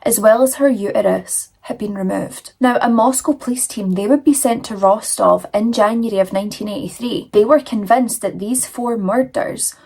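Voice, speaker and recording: Woman, true crime storyteller, chatty and dramatic, gravelly, husky voice. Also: on the high side, moderate pace, few pauses, darkish tone. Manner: chatty, dramatic, frequent fillers. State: cold. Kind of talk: casual storytelling while doing makeup.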